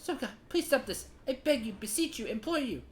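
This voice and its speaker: A woman's voice: high-pitched, expressive, fairly quick, pitched above the performer's own voice. A woman doing a timid, pleading kobold miner. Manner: stacks of synonyms, anxious pleading. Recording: roomy room with game music.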